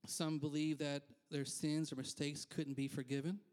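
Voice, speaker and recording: A man's voice: fairly high pitch, flat delivery, moderate pace, a little mellow. A man preaching a conversational sermon as pastor in a church, candid and self-deprecating, with frequent asides.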